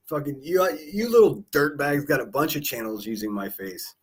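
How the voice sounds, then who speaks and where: A man's voice: mid-range voice, expressive, normal speed, husky. A man, livestreaming in casual chat, rambling with profane jokes and asides.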